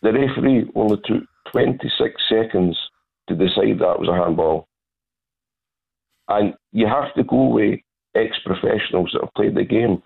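Aggrieved caller on a phone line. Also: male voice, lowish voice, moderate pace, creaky, husky. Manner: aggrieved, insistent. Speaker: caller, football fan. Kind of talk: phone-in call.

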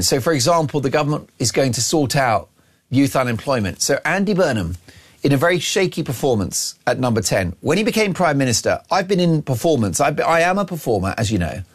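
Man, radio host, brash, mocking, boastful banter, animated pitch, opinion monologue. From Ireland.

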